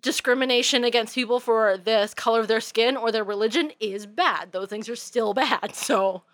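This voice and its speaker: A woman's voice: a little high, moderate pace, fairly bright tone, no echo. A woman from New England co-hosting a casual movie review podcast, giving enthusiastic, opinionated takes and laughing often. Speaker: podcast co-host.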